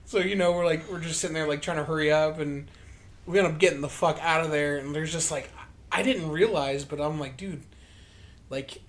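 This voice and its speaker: A podcast co-host telling a story in casual chat, rambling and profane with lots of fillers, acting out their own past remarks in a livelier voice. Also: medium pitch.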